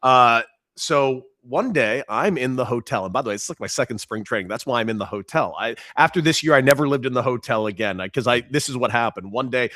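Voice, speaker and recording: Animated bright-voiced male co-host. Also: a little fast, dry recording. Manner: animated storyteller, gets loud and high when excited. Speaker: radio co-host, former baseball player. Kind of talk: casual storytelling chat.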